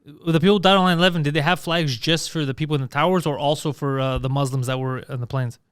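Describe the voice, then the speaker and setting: A man's voice: on the high side, steady tone, quick pace, a bit bright, smooth, dry recording, clean studio sound. A man co-hosting a comedy podcast, talking in a joking, profane way. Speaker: podcast co-host. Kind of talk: casual comedy chat.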